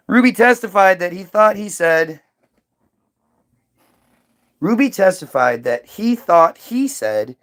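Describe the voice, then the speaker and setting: Brief: male commentator, high voice, worked-up profane rant with stammered repeats, dry untreated sound. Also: lively intonation, unhurried, long pauses, fairly bright tone, dry recording. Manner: ranting, profane, repeats words when worked up. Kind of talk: heated commentary while reading aloud.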